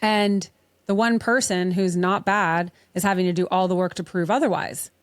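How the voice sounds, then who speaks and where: A woman's voice: lowish voice, fairly even intonation, normal speed, no echo. Woman podcast host, loose and sweary, laughs a lot, dead dry sound. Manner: chatty, swears freely, laughs often. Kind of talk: casual interview chat.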